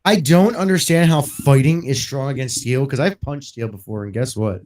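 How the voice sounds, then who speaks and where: A man's voice: medium pitch, moderate pace, darkish tone. Profane, rambling male gaming streamer. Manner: rambling, profane, laughs often. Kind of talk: casual let's-play commentary.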